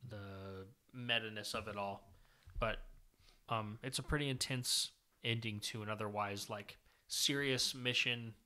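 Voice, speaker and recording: A man co-hosting a podcast, giving a casual, lively recap of a comic book story with plenty of filler words. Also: lowish voice. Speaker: podcast co-host.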